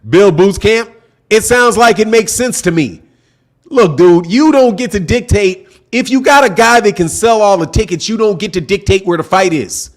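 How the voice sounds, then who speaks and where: Male stream host, high voice, emphatic slangy rant, repetitive, reacting to chat. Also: normal speed. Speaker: boxing channel host. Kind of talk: casual live-stream commentary.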